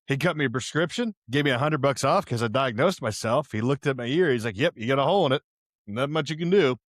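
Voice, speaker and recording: A man's voice: mid-range voice, animated, fast, no echo, studio quality. A young man from Houston, casually telling a rambling, slang-filled story as a podcast host, wearing headphones. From Houston, Texas. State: partly deaf in one ear, wearing headphones. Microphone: headphones on, close mic.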